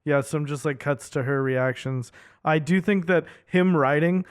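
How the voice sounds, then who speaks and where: A man's voice: on the high side, a little slow, smooth, no echo, clean studio sound. A man co-hosting a casual film podcast, rambling with many fillers and joking around. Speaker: podcast co-host. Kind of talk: casual chat.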